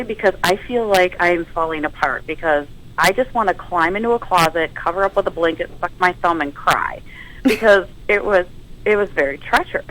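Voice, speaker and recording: A woman's voice: fairly low pitch, normal speed, a little hiss or hum, rough recording. Storytelling woman paramedic on web radio. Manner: storytelling, emotional, animated quotes. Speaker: guest firefighter paramedic. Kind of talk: radio interview.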